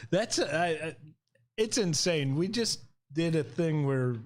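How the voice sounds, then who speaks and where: A man's voice: a little high, expressive, takes it slowly. Laid-back male comedian guest. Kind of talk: casual chat. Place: local studio.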